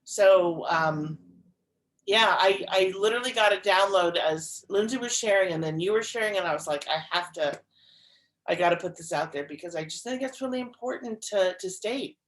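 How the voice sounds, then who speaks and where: A woman's voice: medium pitch, normal speed. Woman cohost on a podcast, earnest and emphatic, says things twice to drive them home. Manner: earnest, emphatic, repeats phrases for stress. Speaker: podcast co-host. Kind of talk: casual podcast conversation.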